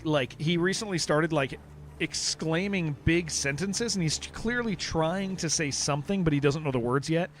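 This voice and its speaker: A man streams a game and rambles through casual livestream chat, often restarting his sentences and saying dude a lot. His voice is on the high side at a moderate pace, with a little hiss or hum in the recording.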